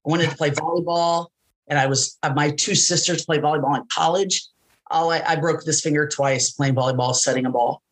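A woman's voice: low-pitched, a little fast, rough recording. A middle-aged woman, a wrestling announcer, chatting as an interview guest, telling stories with lots of laughter and acted-out voices. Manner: animated storyteller, laughs often, acts out quoted voices. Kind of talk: casual chat.

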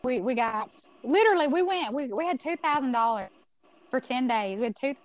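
A woman from Mississippi with a Mississippi Southern accent, telling animated stories as a podcast guest, acting out the people she quotes and often restarting her sentences. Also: sits high, brisk. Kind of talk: casual storytelling chat.

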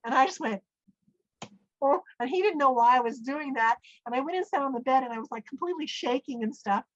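A middle-aged woman telling a personal story in a lively way, acting out the voices she quotes. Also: high-pitched, quick pace, no echo. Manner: animated, acts out quoted speech. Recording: dull, dry lo-fi sound.

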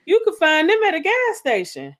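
A woman's voice: extremely high pitch, huge pitch swings, normal speed, fairly bright tone. A woman co-hosting a casual recap podcast, commenting bluntly and profanely. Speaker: podcast co-host. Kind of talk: casual reality-TV recap chat.

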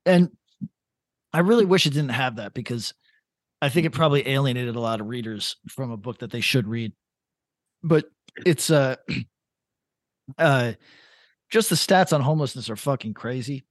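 A man's voice: mid-range voice, normal speed, pauses often, no room sound, studio quality. Profane, opinionated male podcast host. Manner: loose, profane, opinionated riffing. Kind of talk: casual chat.

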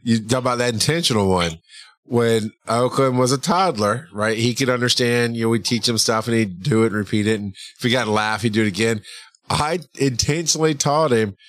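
A middle-aged man co-hosting a podcast, an animated storyteller who laughs often in casual chat. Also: medium pitch, fairly quick, no echo, clean studio sound. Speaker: podcast co-host.

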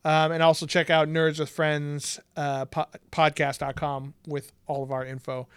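A man's voice: on the high side, little pitch movement, measured pace, smooth, no room sound, clean studio sound. A young man co-hosting a podcast in casual chat, laid-back and jokey, laughing often. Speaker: podcast co-host.

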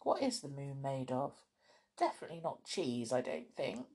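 A woman hosting a children's story podcast, reading storybooks aloud in an expressive, chatty way with soft asides. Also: extremely low pitch, normal speed, breathy edge.

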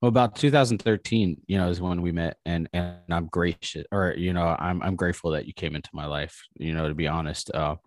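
A man in his thirties, an army veteran, speaking as a podcast guest in a halting, frank way, with many restarts and swearing. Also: low voice, no room sound. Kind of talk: candid podcast conversation.

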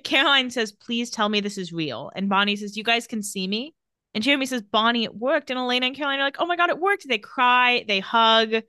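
A woman's voice: a little high, brisk, pushed and bright, clear, resonant tone, no room sound, studio quality. A woman co-hosting a casual podcast, retelling scenes and quoting the characters' lines with playful emphasis. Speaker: podcast co-host. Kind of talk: casual recap chat.

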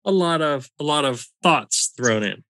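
A man's voice: a little high, expressive, a little slow, sharp tone, no echo. A man hosting a casual podcast chat, explaining in a chatty way with many fillers. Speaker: podcast host.

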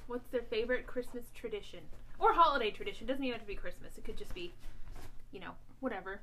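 A woman's voice: fairly high pitch, fast, fairly bright tone, slight background noise. A young woman hosting a casual family podcast from home, jokey and rambling, laughing often. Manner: giggly, jokey, rambling with many fillers. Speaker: podcast host.

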